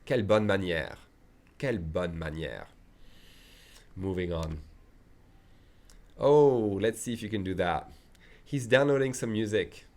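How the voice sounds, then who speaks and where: A man gives a casual beginners' lesson. His voice sits on the low side, and he jokes along with plenty of fillers and restarts. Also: measured pace, pauses often. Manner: relaxed, joking, many fillers and restarts. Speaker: French teacher.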